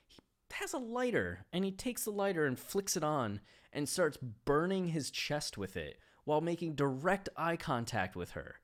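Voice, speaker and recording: A man hosting a casual monologue about a book, telling animated stories and laughing often, turning slower and reflective on the ideas. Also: medium pitch. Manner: animated storyteller, laughs often mid-sentence. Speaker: host.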